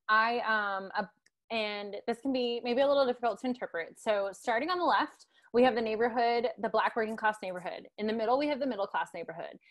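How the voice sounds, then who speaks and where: A woman giving a guest lecture over a video call, talking conversationally with many tag questions and fillers. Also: a little high. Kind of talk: online lecture.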